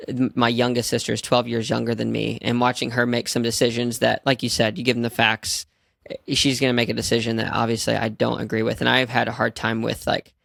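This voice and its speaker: A man's voice: medium pitch, vocal fry, a bit bright, dry recording, clean studio sound. A young man hosting a podcast, attentive and casual, asking questions and giving short acknowledgements. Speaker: podcast host. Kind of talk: casual conversational interview.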